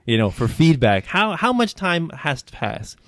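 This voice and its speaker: A man hosting an interview, speaking emotionally with halting restarts. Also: fairly high pitch, very animated, a bit bright, no echo. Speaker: interview host. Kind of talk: casual interview chat.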